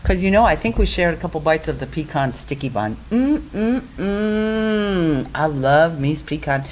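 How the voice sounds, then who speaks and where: A chatty, playful woman co-hosts a community TV talk show, with a voice that sits fairly low for a woman. A faint hum of background noise runs under her voice. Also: fairly quick, low-quality recording. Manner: playful, chatty, laughs easily. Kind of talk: casual banter on a community TV show.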